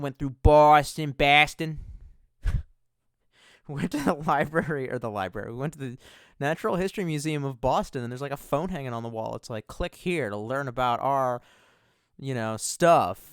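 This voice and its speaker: A man rambling through a casual livestream, swearing freely and poking fun at himself. His voice swings widely in pitch and stays smooth and resonant. It sounds close and dry, with no room echo. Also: fairly bright tone. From United States. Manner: rambling, profane, self-mocking. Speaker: streamer.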